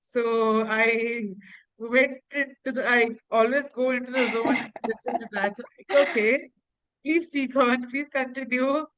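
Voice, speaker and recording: A woman's voice: fairly high pitch, steady tone, unhurried, fairly bright tone, dry recording, dull audio. A woman host interviewing a guest, asking questions politely with many hesitations. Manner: hesitant, full of uh fillers, polite. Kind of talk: online interview.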